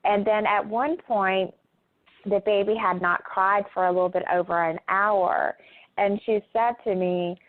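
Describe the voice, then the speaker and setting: A woman's voice: mid-range voice, fairly even intonation, measured pace. A middle-aged woman talking as a guest in a casual interview over a phone call, speaking hesitantly with many filler sounds. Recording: tinny phone line.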